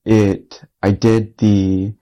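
A young man who serves as a Catholic priest, speaking in an easy, conversational way during an interview. His voice sits somewhat low, and his delivery is earnest and reflective, with plenty of loose filler words as he tells his story. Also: flat delivery, drawn-out words, mellow, low-quality recording.

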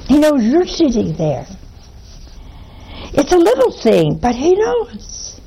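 A woman preaching a sermon in a playful, teasing, expressive way. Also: high voice, slow, gravelly, poor audio.

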